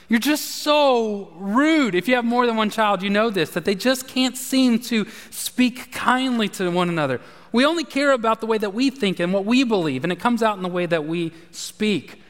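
A middle-aged man gives a sermon in a fairly high voice. He talks to the congregation like he's chatting with them and slips in jokes. His voice carries a long reverberation from a large church sanctuary. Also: fairly bright tone. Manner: conversational, joking with the congregation. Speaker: pastor.

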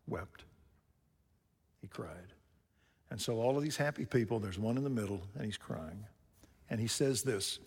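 A man preaching a sermon, swinging between loud rising emphasis and hushed, quiet passages. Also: medium pitch, slightly rough. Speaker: pastor. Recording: long hall reverb.

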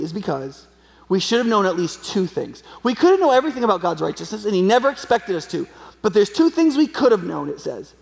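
Brief: chatty, humorous man preaching, fairly high voice with a gravelly edge, echoing hall. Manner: conversational, joking, uses a live chicken as a prop. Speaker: pastor. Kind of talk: sermon. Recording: long hall reverb.

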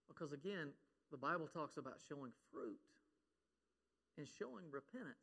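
A man's voice: on the high side, moderate pace, sharp tone. A man preaching a sermon as pastor, earnest, quoting scripture and at times getting choked up. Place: church sanctuary. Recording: long reverb of a church hall.

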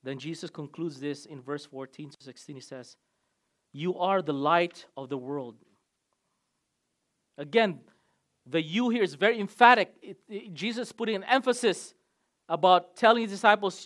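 A man with a high voice preaching a sermon from the pulpit. He stresses key words with loud emphatic bursts, then drops low and soft. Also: moderate pace. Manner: emphatic preaching with sudden swings in loudness. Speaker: pastor.

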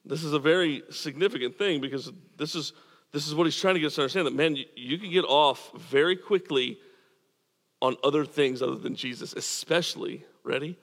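A man's voice: on the high side, moderate pace, fairly bright tone, big-room sound. A man preaching a sermon as pastor, earnest and emphatic, repeating words as he drives points home. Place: church.

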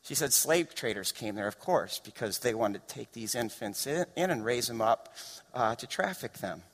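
A man preaching a sermon as pastor, storytelling and building to impassioned shouts. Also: medium pitch, expressive, normal speed, slightly rough. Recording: long reverb of a large hall.

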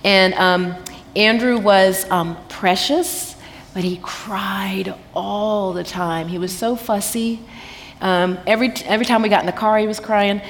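A woman with a Southern American accent, a guest at a church women's event, shares a heartfelt personal testimony, quoting scripture and laughing easily. Her mid-range voice stays steady, with a measured pace and hardly any pauses. The recording has the reverberance of a hall and faint background noise.

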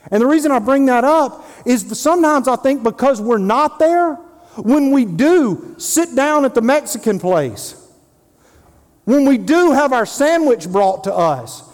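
This man's voice sits very high and is slightly mellow. As a pastor preaching in a church sanctuary, he retells Bible stories and plays out their dialogue in casual voices, and the recording carries a long hall reverb.

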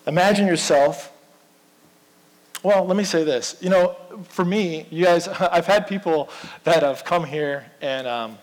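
A man's voice: on the high side, a little slow, darkish tone, big-room sound, rough recording. A man preaching a sermon as pastor, in a conversational, storytelling manner.

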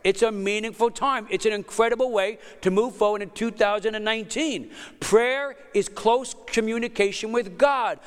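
A man in his fifties preaches with lively, conversational energy, tossing joking asides to his congregation. His voice sits high for a man. The sound rings with the long reverb of a church hall. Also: normal speed, clean tone. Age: 50s. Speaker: pastor. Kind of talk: sermon.

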